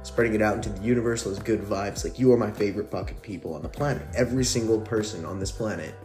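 A man's voice: on the low side, fast talker, darkish tone, soft background music. A man telling a personal story in a casual, rambling, profane way, as podcast host.

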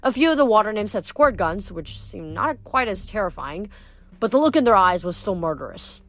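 A woman reading a novel aloud, expressive, sometimes stumbling and correcting herself. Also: medium pitch, moderate pace. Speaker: reader.

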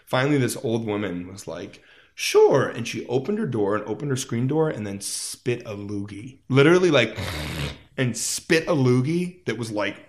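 A man's voice: mid-range voice, moderate pace. A man in his thirties, a musician, telling stories in a casual interview and acting out quoted voices. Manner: animated, full of "like" and quoted voices. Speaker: musician guest.

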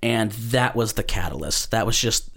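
A man's voice: fairly low pitch, animated, normal speed, fairly bright tone. A man who does stand-up, telling a story in casual chat, laid-back and self-deprecating, chuckling often. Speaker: stand-up comedian, guest.

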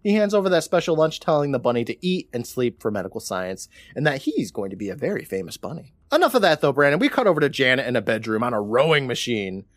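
A man co-hosting a podcast, casually recapping a TV episode with a lively, swooping delivery. He acts out the characters' lines in exaggerated voices. The sound is dry and close to the mic. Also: mid-range voice, quick pace, hardly any pauses, dry recording. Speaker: podcast co-host.

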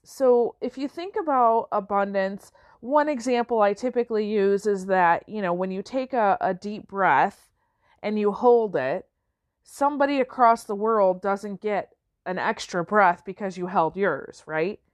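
A woman's voice: mid-range voice, lively intonation, normal speed, no echo. A woman who coaches business owners, talking in a reflective, conversational way, often asking "right?" and rephrasing as she goes. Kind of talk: reflective casual talk.

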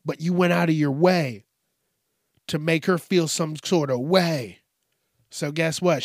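Laid-back guy ranting about news stories, swears a lot, talks slow, dry close sound. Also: fairly high pitch, dry recording. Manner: profane, rambling, laid-back. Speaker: host. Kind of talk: casual news commentary.

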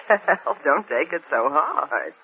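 A woman's voice: low-pitched, animated, slow pace, sharp tone, slight background noise, full character voice. An actress playing a coy, suspicious young gangster's girlfriend in a 1940s radio drama. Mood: probing. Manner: coy, probing. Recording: dull old radio recording.

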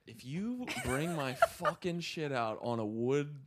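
Animated, swearing podcast guy. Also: on the high side, takes it slowly, background noise. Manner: profane, animated, laughing often. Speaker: podcast co-host. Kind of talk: casual chat.

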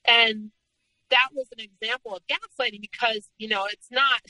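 Woman with a bright, forceful voice. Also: on the high side, fairly even intonation, normal speed, dry recording, low-quality recording. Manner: candid, frank. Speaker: interview guest. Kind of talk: personal storytelling in conversation.

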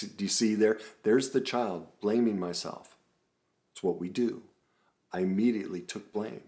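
A man, a self-help author, guiding listeners through memories with a string of questions, then telling a painful story and building to impassioned emphasis. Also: on the low side. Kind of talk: guided reflection talk.

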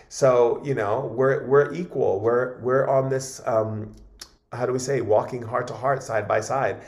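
A man's voice: medium pitch, echoey room. A man speaking as a shaman guest in an interview, telling stories casually and often repeating or restarting his words.

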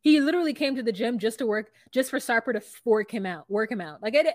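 Woman, podcast co-host, casual recap chat, lively re-enactments, higher voice, dry close sound. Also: fast talker, dry recording. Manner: animated retelling, acting out both sides of a scene.

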